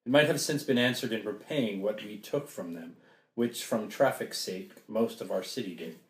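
A man reading a wary sea captain in an amateur play reading, measured and earnest. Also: on the low side, roomy sound, natural voice. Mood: grave.

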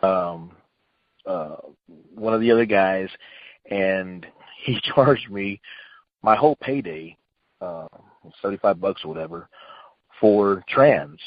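Rambling middle-aged man, low voice. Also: takes it slowly, long pauses, dry recording, muffled recording. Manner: rambling, many fillers and restarts, acts out quotes. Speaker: retired wrestler guest. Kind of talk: casual storytelling.

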